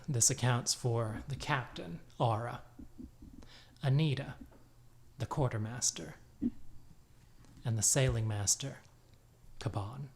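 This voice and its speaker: A man narrating as game master of a tabletop game, describing scenes in a relaxed storytelling way. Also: mid-range voice, takes it slowly, gravelly, pauses often, a little hiss or hum.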